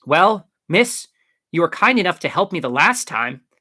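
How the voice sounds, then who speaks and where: A man's voice: fairly high pitch, sing-song, moderate pace, bright, forceful tone, pitched above the performer's own voice, exaggerated voice. A man voicing a cocky, street-smart young male stowaway. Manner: cocky, brash.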